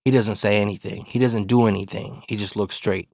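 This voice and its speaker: A man from Arizona casually telling a personal story, profane and slang-heavy, with animated retelling. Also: on the low side, fairly quick, creaky, dry recording, studio quality. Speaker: storyteller host.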